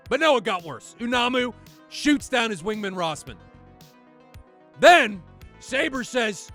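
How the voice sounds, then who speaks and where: Male esports caster, high tenor, rowdy play-by-play with clear music behind. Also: slow. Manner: excitable, shouts at big moments, swears freely. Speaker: esports commentator. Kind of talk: live play-by-play commentary.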